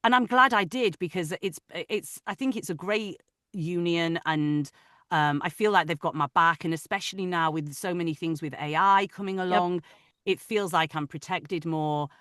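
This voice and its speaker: A woman with a Manchester accent chats in an interview as an audiobook narrator. Her voice is bright and clear, and she laughs often between thoughts. The sound is dry and close, as on a video call. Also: fairly low pitch, moderate pace, dry recording. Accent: Manchester English. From Manchester, England. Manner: chatty, laughs often, trails off softly. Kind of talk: casual interview chat.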